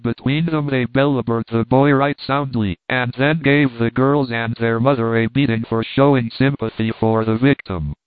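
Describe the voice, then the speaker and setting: A man's voice: medium pitch, steady tone, normal speed, few pauses, no echo. Man reading a classic novel, tinny sound. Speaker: audiobook narrator. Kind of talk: scripted narration of a classic novel. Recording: tinny phone-like sound, dry.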